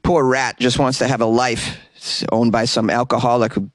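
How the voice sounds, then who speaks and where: A man's voice: mid-range voice, flat delivery, moderate pace, no room sound. A man with a Boston accent hosting a comedy news podcast, rambling and joking through digressions. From Boston, USA. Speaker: podcast host. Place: small closet.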